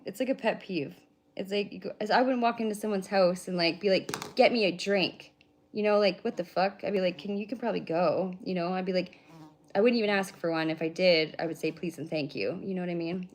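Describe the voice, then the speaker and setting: A woman in her thirties chatting casually on a live stream, rambling, blunt and swearing freely as she answers viewers. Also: mid-range voice. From British Columbia, Canada. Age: 30s. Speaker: livestreamer.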